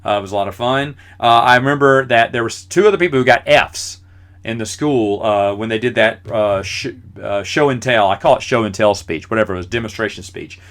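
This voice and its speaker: A podcast host in his forties tells rambling, self-deprecating stories full of fillers. His voice is fairly low and fairly bright, and he talks fairly quickly.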